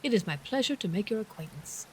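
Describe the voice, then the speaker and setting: Woman doing a grandiose male animal wordsmith, theatrical, loud, flowery. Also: mid-range voice, lively intonation, fast, a little hiss or hum, natural voice.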